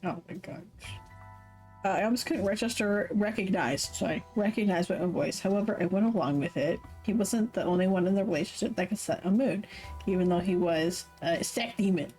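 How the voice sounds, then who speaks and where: A woman's voice: medium pitch, fairly quick, warm tone, faint music behind, low-quality recording. A woman streamer reading a visual novel aloud with live commentary, swearing casually, laughing often and correcting herself mid-sentence. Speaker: Twitch streamer.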